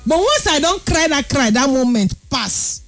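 A woman's voice: sits high, big pitch swings, moderate pace, fairly bright tone, faint music behind. A woman co-hosting a radio talk show, speaking Nigerian-accented Pidgin English in casual, teasing banter and laughing often. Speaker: radio co-host.

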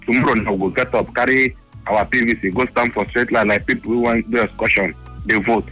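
A man's voice: mid-range voice, fairly even intonation, fairly quick, pushed and bright, faint music behind, rough recording. A man with a Nigerian Pidgin accent calling into a radio talk show, making a passionate, repetitive complaint. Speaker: radio phone-in caller.

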